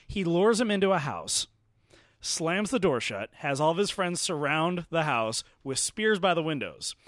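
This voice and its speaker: Animated man retelling a bad movie. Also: fairly high pitch, measured pace, no echo, clean studio sound. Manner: animated storyteller, acting out scenes. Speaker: podcast co-host. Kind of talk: casual chat.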